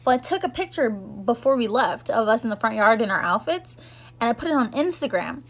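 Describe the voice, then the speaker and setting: A young woman talks straight to the camera in a loose, rambling vlog style. She fills her sentences with "like" and "um", and her voice sits a little high. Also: big pitch swings, brisk. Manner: chatty, rambling, lots of "like" and "um". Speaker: vlogger. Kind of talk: casual chat recapping the year.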